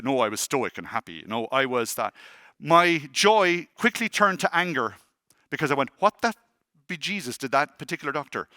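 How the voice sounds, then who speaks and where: A man, in his thirties or forties, giving a conference talk as an animated, self-deprecating storyteller who acts out the dialogue. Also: on the high side, dry recording, clean studio sound. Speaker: conference speaker. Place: conference hall stage.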